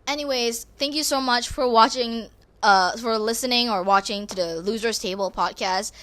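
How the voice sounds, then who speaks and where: Woman, podcast host, casual monologue, expressive, bright tone. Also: a little high, normal speed. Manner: rambling, expressive, self-deprecating.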